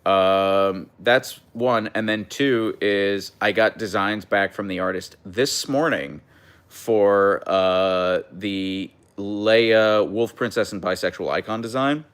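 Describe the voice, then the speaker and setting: A young man hosting a casual livestream, chatting and reading out viewer comments in a relaxed way. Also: on the low side, takes it slowly, clean tone. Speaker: livestream host reading chat. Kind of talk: casual live chat.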